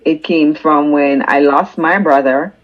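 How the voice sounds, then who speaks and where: A woman's voice: low voice, steady tone, a little slow, highs cut off. A Jamaican woman, a singer-songwriter, talking earnestly and emphatically in a casual interview, often repeating words as she builds a point.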